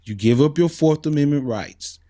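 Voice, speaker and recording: A man's voice: on the high side, moderate pace, mellow, dry recording, clean studio sound. A man talking casually and earnestly in an interview, with many fillers. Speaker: interview guest.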